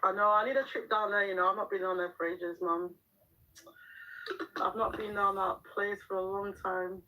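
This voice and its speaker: A woman's voice: mid-range voice, little pitch movement, normal speed, bright, forceful tone, low-quality recording. A middle-aged woman, chatting frankly on a live stream as a mum, laughing often and answering the chat. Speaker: livestream host and mum. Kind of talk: casual live-stream chat reading viewer comments.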